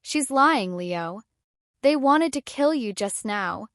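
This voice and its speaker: A woman's voice: a little high, expressive, slow, fairly bright tone, no room sound, clean studio sound, full character voice. A woman narrator voicing a protective female companion who speaks urgently and bluntly.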